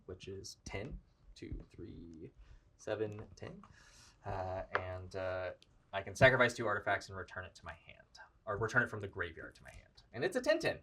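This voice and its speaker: A man calmly playing a tabletop card game, explaining his moves with many fillers and pauses. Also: lowish voice, far from the mic. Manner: halting, counts aloud, many fillers. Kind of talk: casual tabletop play.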